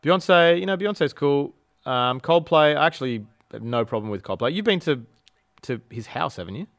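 A man's voice: on the high side, animated, normal speed, fairly bright tone, dry recording. Blunt, swearing man, dry sound. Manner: blunt, swears casually, teasing. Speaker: podcast host. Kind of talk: casual chat.

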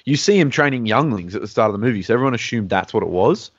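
A man's voice: fairly low pitch, expressive, racing, husky, no echo. A man hosting a casual podcast chat, rambling and restarting as he thinks aloud. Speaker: podcast host. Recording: dull lo-fi, dry room.

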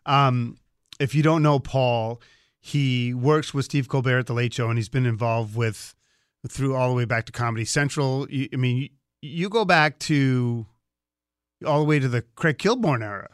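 A man's voice: medium pitch, clean tone, no room sound, studio quality. A man hosting a radio talk show, chatting eagerly with a guest. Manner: chatty, eager, quick asides and laughs. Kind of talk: casual interview chat.

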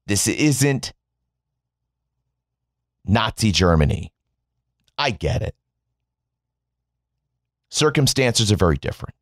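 A man's voice: medium pitch, sing-song, slow, pauses often, a bit bright, no room sound, studio quality. Sarcastic American man ranting to camera. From United States. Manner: sarcastic, profane, addresses viewers as "folks". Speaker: political commentator. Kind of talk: sarcastic commentary monologue.

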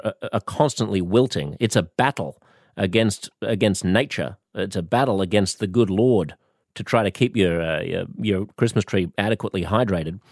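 Australian man, low voice, dry close sound, sarcastic rambling comic monologue. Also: a little mellow, dry recording. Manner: sarcastic, rambling, with mock-innocent rises. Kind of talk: comedic monologue.

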